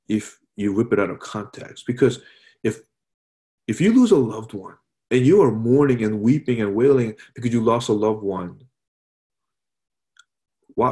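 A man delivers a sermon in an easygoing, conversational way, checking in with his listeners with frequent asides. His voice sits at an ordinary middle pitch, and he drops to a hushed softness whenever he quotes someone. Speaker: pastor.

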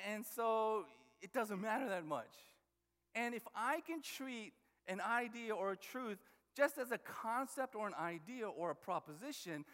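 A man's voice: high voice, fairly bright tone. A man preaching a sermon as a pastor, conversational and full of restarts and repeated words. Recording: long hall reverb.

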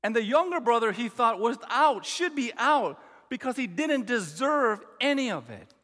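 A man's voice: extremely high pitch, very animated, normal speed, sharp tone, big-room sound. A man preaching a sermon, emphatic, acting out the quoted lines. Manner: emphatic, acts out the quoted brother. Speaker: pastor.

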